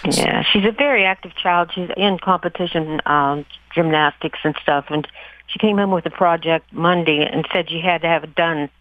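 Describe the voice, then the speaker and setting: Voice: mid-range voice, moderate pace, dry recording. Hesitant caller on a muffled phone line. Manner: rambling, hesitant, many fillers. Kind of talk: phone-in conversation.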